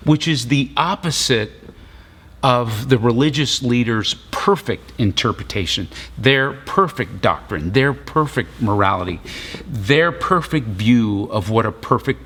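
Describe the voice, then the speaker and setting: A man's voice: mid-range voice, a bit bright, husky. A middle-aged man preaching a sermon in a conversational storytelling way, acting out the voices of the people in his story. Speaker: pastor.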